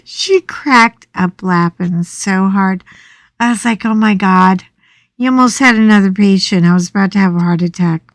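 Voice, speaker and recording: A woman's voice: mid-range voice, normal speed, no room sound, clean studio sound. A middle-aged woman hosting a casual chat, telling a story dramatically with yelps and swearing. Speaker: coloring channel host.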